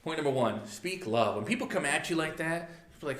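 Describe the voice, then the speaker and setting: Chatty pastor in an echoey room. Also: male voice, a little high, expressive, brisk, fairly bright tone. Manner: chatty, joking asides, reads from notes. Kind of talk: casual Bible teaching. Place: church.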